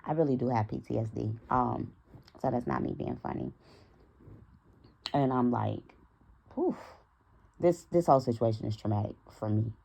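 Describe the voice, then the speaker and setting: Low gravelly woman telling a story. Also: moderate pace, long pauses. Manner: animated, talks straight to her audience, acts out quoted dialogue. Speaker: storytime vlogger. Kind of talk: casual storytime to viewers.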